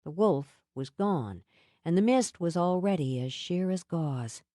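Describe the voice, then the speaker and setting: A woman narrating a romance audiobook in an even, measured way. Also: on the low side, no room sound, clean studio sound. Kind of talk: scripted narration.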